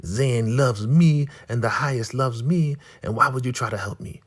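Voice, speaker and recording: A man's voice: mid-range voice, moderate pace, voice pushed up, natural voice. A man voicing an older woman elder who snaps back at people, indignant and suspicious. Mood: defiant.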